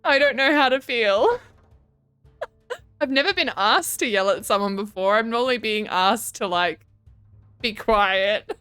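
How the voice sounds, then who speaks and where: A woman's voice: fairly high pitch, animated, unhurried, pauses often, sharp tone, clear, resonant tone, soft background music. A young woman streaming and chatting casually, reading her chat aloud and giggling often. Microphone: desk microphone.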